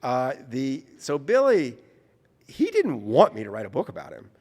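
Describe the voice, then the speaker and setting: A man's voice: medium pitch, normal speed, long reverb tail. A man from New Orleans, an author, telling anecdotes as an interview guest, often restarting and correcting himself mid-sentence. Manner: animated, self-correcting storyteller. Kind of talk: anecdotal storytelling in conversation.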